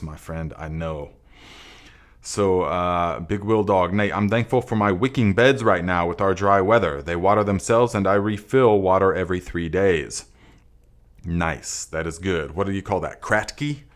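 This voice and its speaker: A man from Northern California hosting a live gardening Q&A, reading out viewer comments and answering in a relaxed, rambling way with many fillers. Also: deep voice. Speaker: podcast host. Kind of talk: live Q&A chat.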